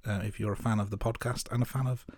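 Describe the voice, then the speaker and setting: Low dry-voiced Midlands man. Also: fairly even intonation, quick pace, darkish tone, slightly rough, no room sound. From English Midlands. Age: young adult. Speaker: podcast co-host. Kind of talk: casual chat.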